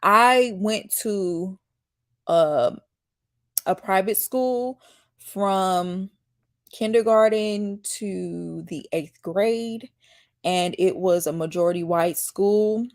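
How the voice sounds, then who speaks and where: A woman's voice: medium pitch, slow pace, darkish tone. A woman from Mississippi with a slight Southern country accent, chatting casually as a YouTube host on a live stream and answering viewer comments. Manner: chatty, rambling, reads viewer comments aloud and answers them. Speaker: YouTube host reacting to a dating show.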